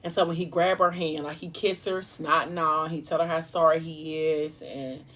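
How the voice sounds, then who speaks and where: A woman's voice: sits low, flat delivery, moderate pace, fairly bright tone. A woman vlogger casually retelling a novel's plot while eating, rambling and full of fillers. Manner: rambling, heavy use of "like" and "you know".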